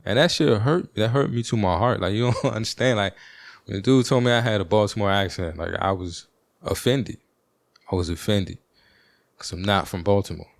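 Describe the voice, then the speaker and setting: In a gravelly, deep, low voice at a normal pace, a D.C. podcast host spins a meandering story packed with slang and filler words. It's a casual monologue, recorded close and dry with no echo.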